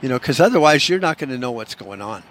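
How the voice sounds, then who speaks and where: A man's voice: medium pitch, big pitch swings, quick pace, fairly bright tone. Male podcast host, swearing, sarcastic rant, faint hum behind him. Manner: profane, sarcastic, ranting.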